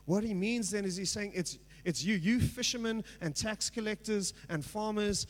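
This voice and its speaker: A man's voice: high-pitched, normal speed, few pauses. A male pastor preaching a sermon in a conversational way, checking in with the congregation and building to emphatic passages. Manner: conversational preaching with frequent "right?" check-ins.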